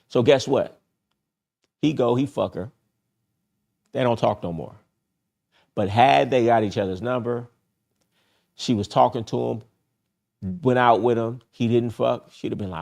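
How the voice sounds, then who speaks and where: A man's voice: medium pitch, normal speed, creaky, a little mellow. A middle-aged man hosting a dating-advice livestream, talking casually in a blunt, profane, repetitive streetwise way.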